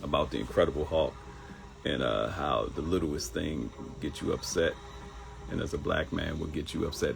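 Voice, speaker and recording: A middle-aged man from Baltimore hosts a live talk show, chatting and telling stories while calling his listeners y'all. His voice is very deep with vocal fry.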